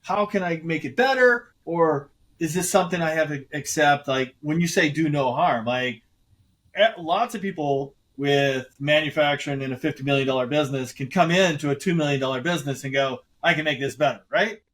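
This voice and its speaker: Slightly higher-voiced male interview host. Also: a little fast, a bit bright. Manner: thoughtful, asks rhetorical questions. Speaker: podcast host. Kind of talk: conversational interview.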